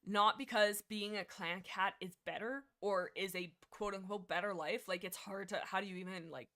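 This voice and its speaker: A young woman hosting a casual book discussion livestream, rambling excitedly with many fillers and restarts. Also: medium pitch, normal speed. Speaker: livestream host.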